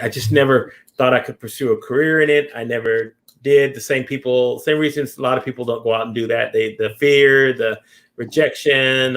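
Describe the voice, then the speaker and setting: A male host chatting with a guest in a loose, unscripted way. He circles around his points, stopping and restarting sentences with plenty of fillers, at a mid pitch and an everyday pace. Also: a bit bright. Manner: rambling, many restarts and fillers. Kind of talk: casual interview chat.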